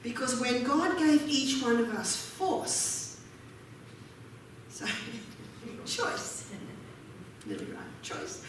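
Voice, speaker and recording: A woman's voice: fairly high pitch, expressive, slow pace, pauses often, slight background noise. A woman preaching a sermon, reading scripture aloud and asking her audience rhetorical questions. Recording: echoey hall from a distance.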